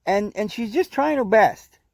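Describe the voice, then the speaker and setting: Earnest preachy man, fairly high voice. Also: expressive, creaky, darkish tone, no room sound. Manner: earnest, preachy, halting with repeated words. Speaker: podcast host. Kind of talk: spiritual teaching monologue.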